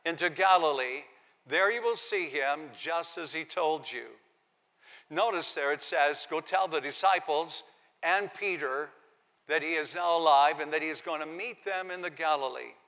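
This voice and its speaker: Pastor guy preaching, kinda high voice, punches the quotes, big echoey hall. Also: normal speed, sharp tone. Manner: preaching, reads scripture aloud with dramatic emphasis. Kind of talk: sermon.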